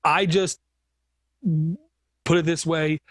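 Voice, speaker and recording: Animated storytelling man, higher voice. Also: takes it slowly, no echo. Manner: animated storyteller, acts out customer dialogue. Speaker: computer repair business owner, podcast co-host. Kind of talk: casual podcast chat.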